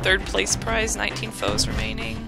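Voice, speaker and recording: A woman's voice: a bass voice, very animated, moderate pace, gravelly, over music. A woman giving live gameplay commentary as a let's play host, exclaiming and mocking her own mistakes.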